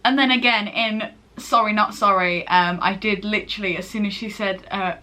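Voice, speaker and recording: A woman's voice: mid-range voice, fairly even intonation, normal speed, bright, forceful tone. A teenage girl from England chatting casually and gushing in a rambling way, often interrupting herself. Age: late teens. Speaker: vlogger. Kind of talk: casual chat.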